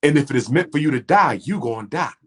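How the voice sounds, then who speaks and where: Impassioned man with a lively, high-pitched voice. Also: fast talker, husky. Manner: preacher-like, rhythmic repetition. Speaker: interview guest. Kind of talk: impassioned interview talk.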